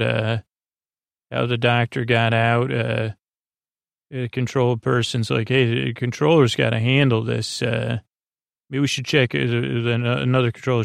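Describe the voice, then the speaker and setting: A man hosting a sleep podcast, retelling a TV episode in a meandering, low-key way. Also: gravelly, no room sound, clean studio sound. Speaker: podcast host. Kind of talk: relaxed plot recap for a sleep podcast.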